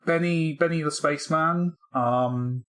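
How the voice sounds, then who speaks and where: A man with a bright, forward voice talks loosely on a casual podcast. He rambles, restarts his sentences and pokes fun at himself, with fillers scattered throughout. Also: on the high side, a little slow. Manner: rambling, self-deprecating, many fillers and restarts. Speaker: podcast co-host, game developer. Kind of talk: casual chat.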